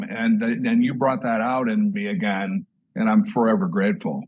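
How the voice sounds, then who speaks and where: A man's voice: medium pitch, moderate pace, few pauses, muffled recording, slight background noise. Iowa-raised man in his 60s, stammering storyteller. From Southwest Iowa, USA. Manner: repeats words and restarts often, lively storyteller. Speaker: host, drummer.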